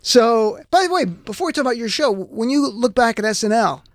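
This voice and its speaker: A male radio host with a high, bright voice, talking casually with a guest in the studio. He tells stories with animated energy and laughs often. The sound is dry and close, with no room echo. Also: fairly quick. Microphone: studio microphone.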